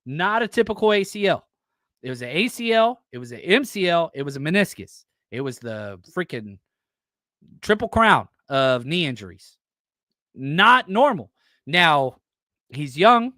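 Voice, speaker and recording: Animated man hosting a sports talk stream. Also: fairly high pitch, no echo, studio quality. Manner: animated, blunt, talks back to chat comments. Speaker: podcast host reading live chat.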